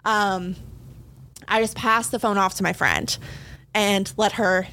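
A woman's voice: medium pitch, steady tone, slow, sharp tone, slight background noise. A young adult woman, a teacher and coach, talking openly and casually as a podcast guest, with lots of "like" and "um". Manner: open and candid, many fillers like "like" and "um". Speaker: third grade teacher and cross country coach, podcast guest. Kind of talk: casual conversational storytelling.

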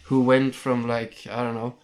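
A man's voice: mid-range voice, little pitch movement, moderate pace, clear, resonant tone. A young man co-hosting a casual podcast, reading ranking lists and tripping over foreign names. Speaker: podcast co-host.

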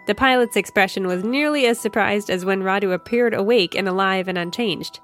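Woman reading a sci-fi story aloud, steady and measured, quiet music in the back. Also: mid-range voice. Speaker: narrator. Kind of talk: audiobook narration. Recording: faint music behind. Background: faint music.

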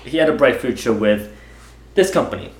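A man's voice: mid-range voice, animated, a little fast, noisy background. A young man chatting casually as a podcast co-host, laughing easily and jumping in with eager comments. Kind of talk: casual chat. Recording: roomy echo.

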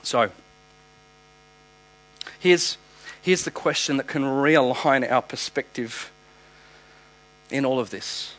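A man's voice: medium pitch, takes it slowly, pauses often, fairly bright tone, rough recording. An Australian man preaching a sermon as pastor, emphatic, with repeated phrases and restarts.

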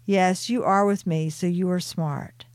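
A woman's voice: fairly low pitch, fairly even intonation, a little slow, darkish tone, no echo, clean studio sound. A woman voicing the bored, witty spirit of a male orca in a spoken book reading, in her own plain voice. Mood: playful.

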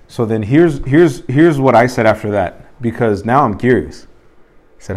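A man's voice: medium pitch, normal speed, a little mellow. A man teaching a youth leadership group around a table, telling stories and asking the group direct questions. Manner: conversational storytelling with direct questions. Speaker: youth pastor. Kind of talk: informal teaching to a small group.

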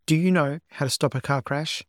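A man's voice: a little high, fairly quick, no room sound, voice pushed up, lightly acted. A timid young boy, as a male reader puts him on, nervous and unsure of himself. He hesitates and stammers over his words. The recording is dry and close.

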